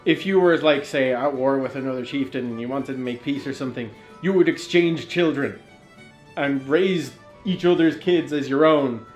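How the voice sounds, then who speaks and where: A man's voice: medium pitch, normal speed. A man with an Irish accent, a guest who explains old folklore in a rambling, enthusiastic way. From Ireland. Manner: rambling, enthusiastic, filler-heavy. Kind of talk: casual chat, explaining. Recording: echoey room with faint music.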